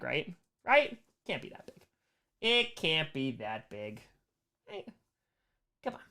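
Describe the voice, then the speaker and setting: A man's voice: medium pitch, a bit bright. A man hosting a casual live-stream Q&A, reading chat messages aloud and answering with playful jokes and frequent laughs.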